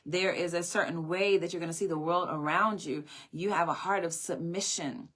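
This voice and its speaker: A woman's voice: on the low side, steady tone, normal speed, fairly bright tone, slightly rough. A woman telling a personal story in a sermon, earnest and reflective, often repeating her phrases. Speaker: speaker. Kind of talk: sermon-style personal testimony.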